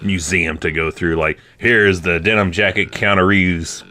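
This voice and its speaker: Man, low voice, bright forceful tone, blunt joking podcast host, swears a lot. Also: fairly even intonation, measured pace. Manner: blunt, swears often, jokey rants. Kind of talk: casual chat.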